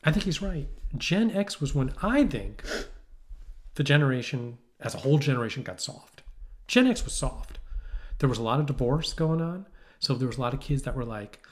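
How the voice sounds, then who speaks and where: A man co-hosting a podcast chats casually, telling lively stories and acting out the voices of the people he quotes. His voice is mid-range and his speed normal.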